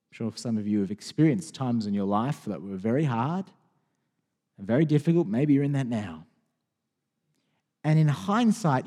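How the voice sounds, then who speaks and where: A man preaching a sermon as a pastor, talking in a conversational, expressive way with frequent restarts. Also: mid-range voice, in a large hall. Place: church hall.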